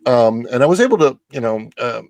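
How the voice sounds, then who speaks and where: A man who is a guest on a theme park show, talking in a halting, emotional way with many restarts. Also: mid-range voice, animated, a little mellow, no echo. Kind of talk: casual chat.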